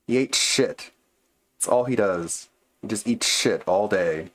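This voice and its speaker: A male co-host with a fairly low voice, ranting bluntly about what he is watching. His speech is profane and fed-up in tone. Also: a little slow, dry recording. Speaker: co-host reacting to a stream. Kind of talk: casual rant.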